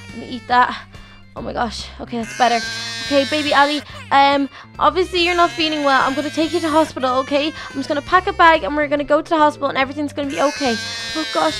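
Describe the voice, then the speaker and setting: A woman host narrating a game role-play in a fretful manner, exclaiming often and talking to herself. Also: sits high.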